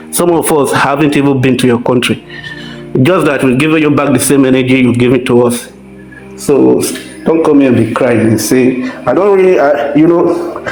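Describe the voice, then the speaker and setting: A man's voice: mid-range voice, darkish tone. A man scornfully insulting someone on a livestream, with swearing. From Nigeria. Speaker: livestream debater. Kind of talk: heated livestream argument. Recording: roomy echo.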